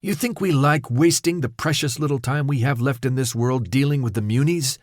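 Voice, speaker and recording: A man voicing a hard, scornful female guard in an audiobook, raising his pitch for her. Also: normal speed, dry recording, clean studio sound, natural voice. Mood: disgusted.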